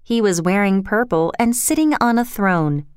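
A woman reading a storybook aloud in a slow, expressive way. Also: mid-range voice, clear, resonant tone, dry recording, clean studio sound.

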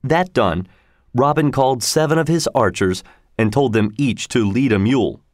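A man narrating a storybook in a steady, measured way. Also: medium pitch, no room sound, clean studio sound.

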